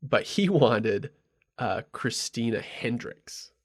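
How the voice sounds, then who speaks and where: A man's voice: medium pitch, expressive, slow, husky. A man hosting a podcast, telling a rambling story in casual chat, full of ums and asides. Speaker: podcast host.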